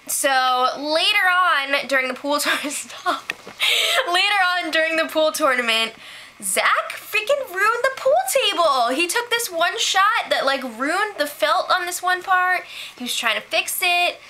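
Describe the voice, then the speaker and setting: A woman with a high, sharp, bright voice runs through a casual recap. She talks in a chatty, sarcastic way and giggles through her quick asides. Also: animated, a little hiss or hum. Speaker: host recapping a reality show.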